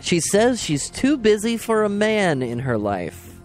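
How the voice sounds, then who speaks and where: A man's voice: sits high, sing-song, unhurried, soft background music. A man co-hosting a radio show, reading news items with dry, brief remarks. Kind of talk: casual banter on a radio show.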